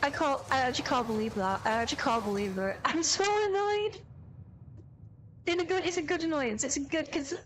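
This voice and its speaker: A young woman streamer giving casual reaction commentary, excitable and rambling, swearing constantly as she talks. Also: high-pitched, fast, hardly any pauses, slight background noise. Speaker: VTuber streamer.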